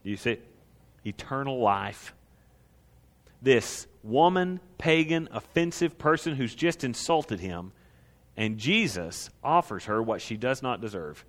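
A male pastor preaching an animated sermon who asks the audience questions and acts out scenes. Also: medium pitch, measured pace.

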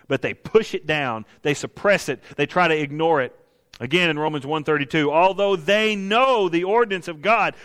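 A man's voice: fairly high pitch, fairly bright tone. A man preaching a sermon to his congregation, emphatic, in punchy repeated short lines. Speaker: pastor.

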